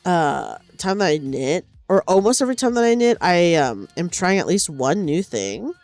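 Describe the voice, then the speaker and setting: Sleepy and low on energy, a woman streams from her couch at home, chatting casually while she knits. She rambles, corrects herself, and restarts sentences at a normal speed, her pitch bouncing a lot despite the tiredness. The audio is dry and close with no room sound, and faint music runs underneath.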